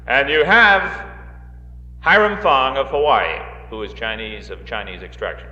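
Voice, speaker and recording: A man's voice: mid-range voice, measured pace, sharp tone. Man giving a folksy rally speech. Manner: folksy with joking asides and frequent uh fillers. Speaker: guest speaker at a political rally. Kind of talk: live political speech to an audience. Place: large hall at a rally. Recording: roomy dull 1960s reel recording of a hall.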